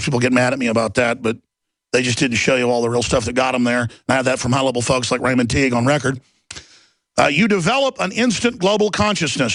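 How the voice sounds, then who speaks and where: Male radio host, gravelly, emphatic rambling monologue, dry close mic. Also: fairly high pitch, fairly bright tone, no room sound. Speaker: radio talk show host. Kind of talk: ranting monologue. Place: radio studio.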